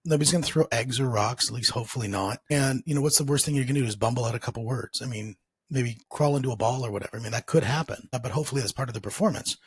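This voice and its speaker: Husky-voiced male podcast host. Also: mid-range voice, very fast, no echo. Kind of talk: motivational podcast conversation.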